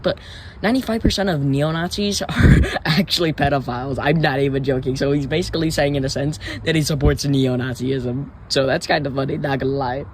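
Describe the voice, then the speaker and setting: Over slight background noise, a man with a mid-range voice hosts a reaction commentary video for his channel. He rants in an exasperated, rambling way, with plenty of profanity.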